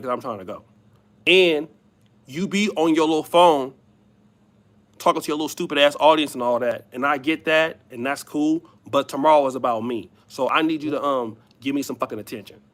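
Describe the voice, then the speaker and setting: A man's voice: medium pitch, brisk, fairly bright tone, close to an everyday voice. A man mimicking a demanding young woman nagging her boyfriend, sweet and rude at the same time.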